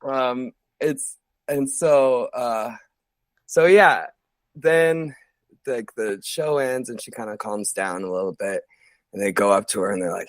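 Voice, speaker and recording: A man in his thirties telling stories as a podcast guest in a casual, rambling way, full of fillers and lively impressions of other people. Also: fairly low pitch, measured pace, no echo. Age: 30s. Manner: rambling, filler-heavy, animated quoting of others. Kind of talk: casual storytelling interview. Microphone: podcast studio mic.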